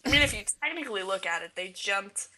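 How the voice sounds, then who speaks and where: A woman's voice: medium pitch, expressive, quick pace, sharp tone. A young woman co-hosting a casual fan podcast, talking enthusiastically and laughing often as she recaps scenes. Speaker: podcast co-host.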